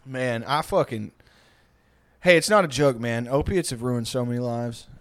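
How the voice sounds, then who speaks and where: A man's voice: mid-range voice, moderate pace. A young man co-hosting a comedy podcast, trading crude jokes and laughing often. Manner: giggly, jokey, laughs a lot.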